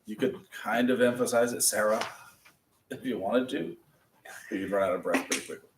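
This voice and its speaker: A man with a medium-pitched voice teaches a class a little fast, patiently explaining each step. The lesson is recorded from a distance in a roomy space, with faint noise.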